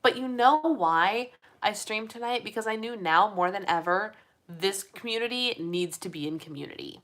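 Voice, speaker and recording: A young American woman chats loosely on her weekly live stream, rambling from one thought to the next and laughing as she goes. Her voice sounds a little tired, and her pitch sits in a plain middle range. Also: lively intonation, normal speed, fairly bright tone. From United States. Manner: chatty, rambling, laughs often, reads out viewer comments. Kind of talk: casual live stream chat with viewers.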